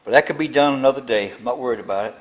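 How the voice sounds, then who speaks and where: A man's voice: mid-range voice, rapid-fire, low-quality recording. Grumbling older man. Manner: rambling, grumbling, plainspoken. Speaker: hobbyist tractor builder. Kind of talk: casual workshop vlog. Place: machine shop.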